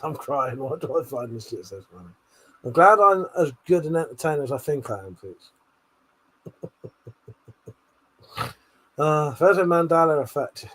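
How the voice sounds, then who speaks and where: Reading his chat aloud and bantering with viewers, a mildly tipsy British streamer laughs a lot and swears freely. The voice sits in the middle range, fairly bright, with a breathy edge.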